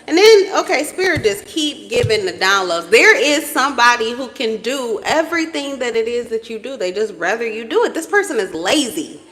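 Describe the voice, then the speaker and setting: A blunt, animated woman talks straight to camera as she reads tarot cards, swearing freely and jumping into sudden high exclamations. Her voice sits on the higher side. The sound carries a long reverb from the room around her. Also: normal speed, few pauses. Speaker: tarot reader. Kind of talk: casual spiritual reading to camera.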